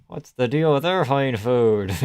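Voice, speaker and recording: A man's voice: medium pitch, a little mellow. A man live-streaming casual commentary while watching fights, blunt, sarcastic and swearing freely.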